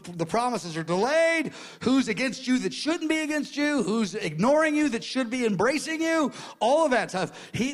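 A man preaching a sermon in an earnest way, repeating phrases and swinging from quiet murmurs to loud outbursts. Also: sits high.

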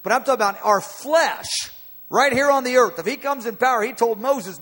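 A man preaching a sermon in a large hall. He talks emphatically, swinging from loud bursts to quiet asides. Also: very high voice, brisk. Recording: long hall reverb.

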